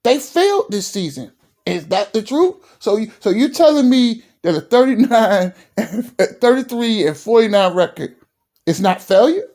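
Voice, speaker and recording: A man from Virginia ranting in a sports vlog, fired up and repeating himself, sometimes dropping low and emotional. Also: very animated, normal speed, darkish tone. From Virginia, USA. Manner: fired-up and repetitive, stumbles over restarts; drops low and emotional at times. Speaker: sports commentary vlogger.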